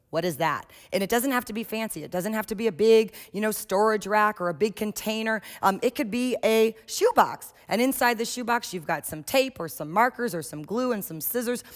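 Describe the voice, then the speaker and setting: A woman giving a workshop lecture on children's art, lively and storytelling, often acting out quotes. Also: on the low side. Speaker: early childhood art trainer. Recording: echoey hall.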